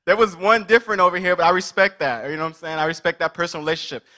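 Energetic bright-voiced male preacher. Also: high voice, racing. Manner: energetic, calls out to the congregation. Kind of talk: interactive sermon.

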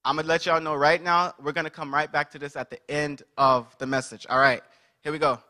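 A man's voice: on the high side, level tone, a little fast, sharp tone. A man preaching an interactive sermon at a church service, calling out to the congregation and energetically asking them to respond.

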